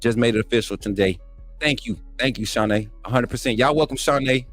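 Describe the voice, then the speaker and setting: A man's voice: mid-range voice, a little fast, no room sound, faint music behind. A man with an Alabama accent hosting a live call-in sports stream, reading super chats in a hyped, trash-talking, playful way. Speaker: live stream show host.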